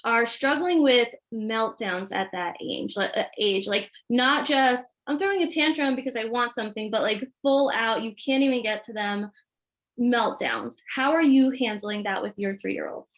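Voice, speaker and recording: A woman's voice: on the high side, measured pace. A young adult woman hosting an interview, friendly, laughing along and saying "like" a lot. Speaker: podcast host and interviewer. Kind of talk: casual interview chat.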